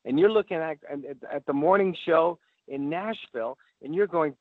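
A man giving rambling, animated advice as a radio guest on a phone line. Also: a little high, moderate pace, few pauses, no echo. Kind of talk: casual advice talk. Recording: tinny phone line, dry.

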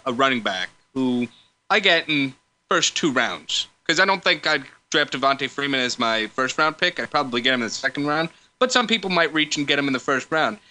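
A man's voice: fairly high pitch, bright, forceful tone. A man co-hosting a casual fantasy football podcast, talking in a hesitant, agreeable way. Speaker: podcast co-host.

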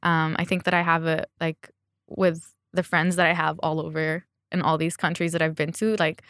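Woman designer talking casually in an interview, lowish voice, laughs a lot, dry sound. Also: flat delivery, normal speed, fairly bright tone, no room sound. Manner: chatty, laughs often, quotes people. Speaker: fashion designer, guest. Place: Dubai.

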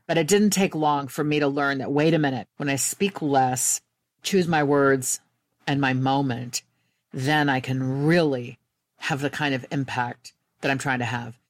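A woman's voice: extremely low pitch, no room sound, clean studio sound. A woman guest and author telling candid personal stories in an earnest, reflective way. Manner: earnest, candid, quick bursts.

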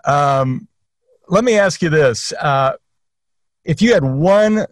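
A man with a Southern US accent, interviewing a pastor in a relaxed, conversational way. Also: fairly high pitch, slow pace, no echo, studio quality.

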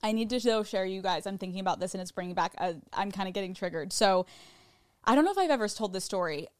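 A woman's voice: medium pitch, animated, fast, no room sound, studio quality. Candid, profane woman podcast host. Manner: candid, profane, self-mocking; chatty with frequent "like" fillers. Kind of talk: casual solo podcast storytelling.

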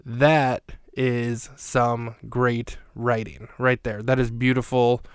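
Crisp, dry-voiced man recapping a film. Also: medium pitch, little pitch movement, slow, no room sound. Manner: chatty, rambling, dry jokes. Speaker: podcast host recapping a film. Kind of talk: casual film recap commentary.

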